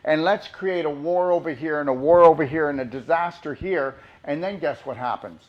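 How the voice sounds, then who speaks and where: A man speaks with fervor, firing rhetorical questions at his listeners as he drives each point home. His voice sits a little high for a man. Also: moderate pace, dull audio. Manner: emphatic, rhetorical questions to the audience. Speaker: doctor giving a talk. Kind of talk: impassioned motivational talk.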